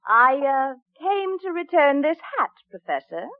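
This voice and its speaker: A woman's voice: high voice, big pitch swings, a little slow, exaggerated voice. An actress playing a nosy, sly showgirl with a knowing way of talking. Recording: lo-fi old radio with audience.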